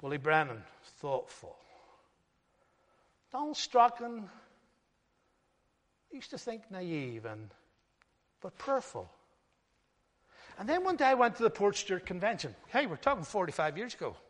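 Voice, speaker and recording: An older man preaching a sermon as pastor, emphatic, swinging between loud stresses and hushed asides. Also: high-pitched, big pitch swings, measured pace, pauses often. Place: church hall. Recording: long hall reverb.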